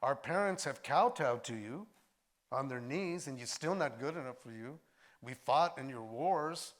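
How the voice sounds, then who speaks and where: An older actor and filmmaker, a man, telling stories in a lively way at a post-screening discussion, acting out voices as he goes. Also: mid-range voice, unhurried. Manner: animated storyteller, acts out voices. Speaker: actor and filmmaker, interview guest.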